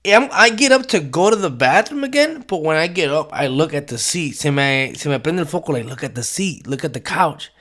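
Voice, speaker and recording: A man's voice: a little high, animated, fairly quick, hardly any pauses, fairly bright tone. A young man telling a rambling, profane story in a casual way, slipping into Spanish phrases.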